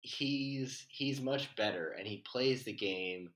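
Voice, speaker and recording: A young man in casual chat, relaxed and joking, saying "dude" and swearing casually. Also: medium pitch, takes it slowly, reverberant, poor audio.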